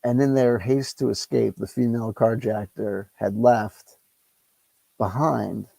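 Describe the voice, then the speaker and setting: A man's voice: medium pitch, fairly even intonation, unhurried, gravelly, dark tone, husky, no echo, poor audio. A man hosting a solo tabletop game on a lapel mic, rambling and ranting, swearing freely. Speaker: solo tabletop game player and channel host. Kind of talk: casual solo game commentary.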